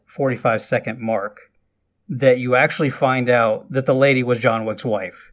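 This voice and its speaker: A man in casual chat, retelling a movie scene by scene in a rambling way, with restarts and quoted lines. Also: mid-range voice.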